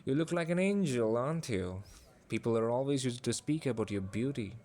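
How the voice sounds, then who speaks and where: A man's voice: mid-range voice, animated, fairly quick, a little mellow, close to an everyday voice. A man voicing a proud, cruel young devil princess in a storybook reading, speaking in a mocking, lofty way. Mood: haughty.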